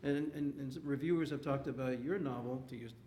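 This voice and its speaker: Halting, self-deprecating male moderator. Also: mid-range voice, mellow, slight background noise. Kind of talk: interview questions.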